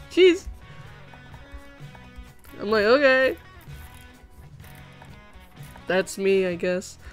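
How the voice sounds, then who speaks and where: A woman's voice: medium pitch, big pitch swings, very slow, a little mellow, poor audio. A young woman chatting casually on a livestream while drawing, reading chat aloud, giggling and swearing now and then. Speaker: streamer. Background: background music.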